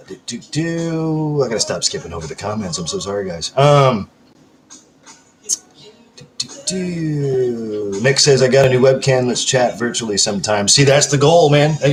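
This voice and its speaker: A man's voice: mid-range voice, low-quality recording. A man casually hosting a livestream, rambling and swearing while he reads viewer comments aloud. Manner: rambling, profane, hyper. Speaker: livestream host.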